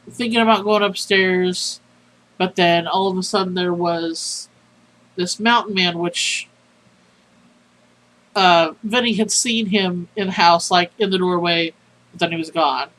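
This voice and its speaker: A sleepy player recaps a tabletop horror game in a loose, rambling way, full of halts and fillers. The voice sits at a middle pitch. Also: fairly bright tone, rough recording. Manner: rambling, halting, filler-heavy.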